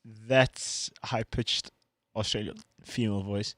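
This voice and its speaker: A man co-hosting a sports talk show, throwing in quick dry jokes in casual banter. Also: lowish voice, steady tone, no echo. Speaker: co-host. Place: radio studio.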